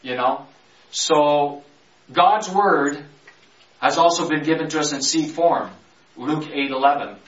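A man gives a casual Bible teaching, with a higher-than-usual voice for a man. He draws out important words slowly and then hurries through side stories. The sound is dull and roomy, picked up from some distance. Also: a bit bright. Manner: stretches key words slowly, rushes through asides. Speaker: preacher.

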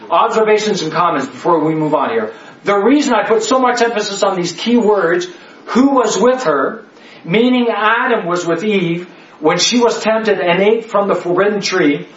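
A man leading a Bible study for a small group, talking emphatically, repeating key words and checking in with "okay?" all the time. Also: sits high. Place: indoor room with a listening group. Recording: echoey room, mic far off, dull lo-fi.

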